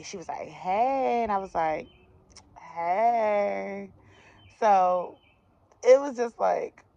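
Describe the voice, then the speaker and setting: A woman's voice: on the low side, darkish tone, a little hiss or hum. A young woman from the DMV area telling a personal storytime to her viewers in a chatty, slangy way with laughing asides. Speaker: vlogger. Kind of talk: casual storytime.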